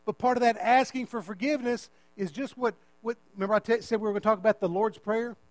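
A man preaching a sermon, repeating phrases and swinging from loud emphasis to quiet asides. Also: fairly even intonation, quick pace, no room sound, poor audio. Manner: preaching with big swings in pitch and loudness, repeating words for emphasis. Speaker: pastor.

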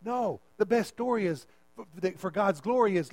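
A man's voice: high voice, expressive, normal speed, creaky, darkish tone, dry recording, low-quality recording. A man preaching a sermon as pastor, emphatic and repeating his phrases as he calls out to the congregation.

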